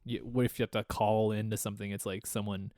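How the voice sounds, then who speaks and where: A man's voice: fairly low pitch, flat delivery, quick pace, darkish tone, dry recording, clean studio sound. A man with a Minnesotan accent, a podcast guest, casually telling stories and poking fun at himself. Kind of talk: casual chat.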